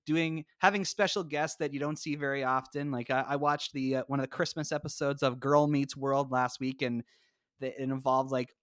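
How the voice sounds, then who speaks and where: A male podcast host talks in a chatty, rambling way as he introduces guests. His pitch sits in the middle, and the sound is dry and close, recorded remotely from home. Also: fairly even intonation, normal speed, fairly bright tone, dry recording. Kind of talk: casual podcast chat.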